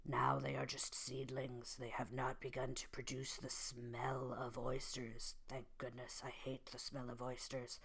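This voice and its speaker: A man voicing a soft-spoken mafia boss villain in a hushed, slow, near-whispered way in a tabletop game. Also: mid-range voice, completely flat delivery, gravelly, slightly rough, full character voice. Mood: scheming.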